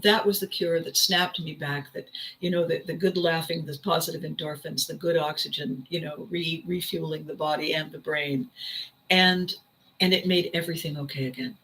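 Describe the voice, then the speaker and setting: A woman hosts her own vlog, telling a personal story in a loose, casual way. Her voice is bright, and she laughs often as she talks. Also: low voice, steady tone, moderate pace, poor audio. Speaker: vlog host.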